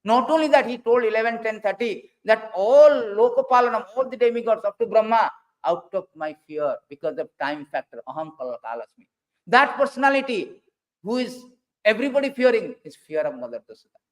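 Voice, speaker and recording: A man preaching a scripture class, animated, swinging from loud bursts to low asides and acting out quoted dialogue. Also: low-quality recording. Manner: quotes figures in dialogue, halting restarts.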